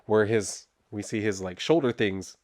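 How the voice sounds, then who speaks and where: A man's voice: lowish voice, unhurried, a little mellow, no room sound, studio quality. Casual, rambling male comic reviewer. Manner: rambling, laughs often, many fillers.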